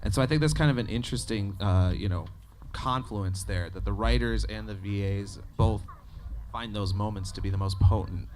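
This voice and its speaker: A man's voice: on the low side, moderate pace, noisy background. A man moderating a fan convention panel in a chatty, playful way.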